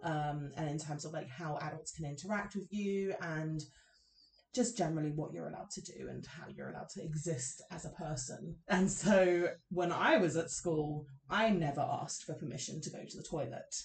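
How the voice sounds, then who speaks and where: A woman co-hosting a podcast, chatting casually with relaxed, dry interjections. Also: sits low, moderate pace. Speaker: podcast co-host. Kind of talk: casual chat. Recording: roomy, distant mic.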